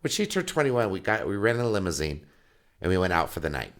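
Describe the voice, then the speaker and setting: A man's voice: low voice, big pitch swings, a little fast. A middle-aged man trading crude, joking stories in a casual podcast chat. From Colorado.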